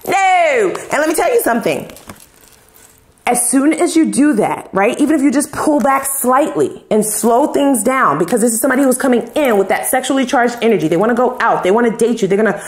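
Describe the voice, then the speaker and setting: A woman's voice: fairly high pitch, brisk, echoey room. Blunt, profane woman tarot reader. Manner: blunt, profane, slangy and animated. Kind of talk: casual tarot reading to camera.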